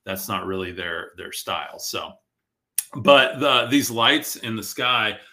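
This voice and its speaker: A man with a lowish, animated voice speaks slowly and with a sharp edge, hosting a casual livestream where he rambles and reads viewer comments aloud. After talking all day, his voice is worn and starting to give out. He's a podcast host reading the live chat, streaming from a tablet.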